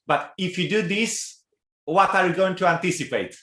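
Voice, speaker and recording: A man's voice: high voice, normal speed, sharp tone. Cello teacher man in a roomy hall. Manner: hesitant, many fillers, sings phrases aloud. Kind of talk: masterclass coaching. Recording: roomy hall with instrument music.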